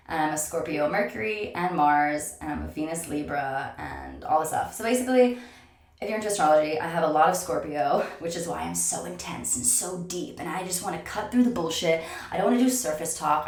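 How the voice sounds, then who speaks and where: Expressive woman talking from an echoey bath. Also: fairly low pitch. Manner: expressive, swearing, breaks into laughs. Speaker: podcast host. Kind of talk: casual confessional monologue. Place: bathroom, in a bathtub. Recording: echoey bathroom.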